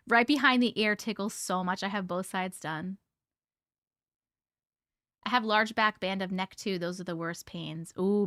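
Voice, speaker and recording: A woman hosting a casual livestream, playful and animated as she chats and reads viewer stories aloud. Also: on the high side, dry recording, clean studio sound. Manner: animated and playful, jokes with chat. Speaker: host reading viewer stories.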